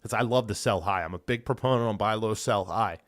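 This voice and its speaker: Brash excitable man on a sports podcast. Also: fairly low pitch, fairly quick. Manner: brash, excitable, swears freely. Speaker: podcast co-host. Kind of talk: casual sports chat.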